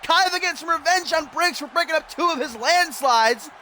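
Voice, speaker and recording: A man giving excited, shouty play-by-play commentary on a wrestling video game, swearing and getting out of breath. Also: extremely high pitch, a little fast, slight background noise. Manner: shouty, swearing, animated, mock wrestling-announcer delivery.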